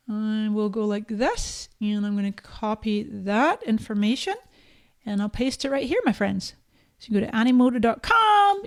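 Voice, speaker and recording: Chatty Scottish-accented woman, fairly high voice. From Canada. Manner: chatty and upbeat, talks directly to viewers. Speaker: host of a live social media training. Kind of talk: live-streamed software tutorial.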